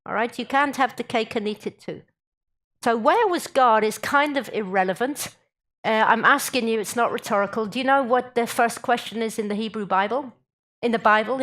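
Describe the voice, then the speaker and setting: A woman's voice: a little high, fairly bright tone. A woman giving a public talk, humorous and drawing the audience in with questions. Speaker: guest speaker.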